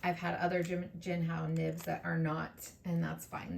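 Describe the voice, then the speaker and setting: A woman with a scratchy, hoarse voice chatting in a relaxed, enthusiastic way, with plenty of fillers. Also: on the low side, measured pace, hardly any pauses. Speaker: fountain pen vlogger. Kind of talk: casual show-and-tell.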